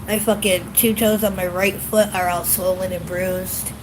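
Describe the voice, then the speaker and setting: A woman's voice: medium pitch, little pitch movement, unhurried, noisy background. Profane, ranting woman outdoors on a phone. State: congested. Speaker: vlogger. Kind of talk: casual venting vlog. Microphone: phone camera.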